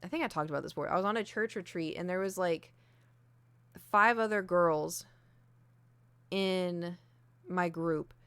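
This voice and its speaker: A woman's voice: fairly low pitch, measured pace, pauses often, a bit bright, smooth, dry recording. A young adult woman streaming, chatting candidly and self-deprecatingly with lots of fillers. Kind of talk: casual chat. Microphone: desk mic with ring light.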